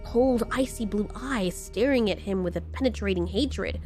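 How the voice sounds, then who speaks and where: A woman narrating a scripted horror story in a slow, measured way with dramatic pauses. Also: mid-range voice, a little mellow. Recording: faint background music.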